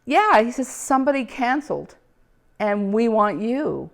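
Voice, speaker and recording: A woman's voice: fairly high pitch, sing-song, a little slow, gravelly. A woman casually telling her own story, animatedly acting out the quoted dialogue and laughing often.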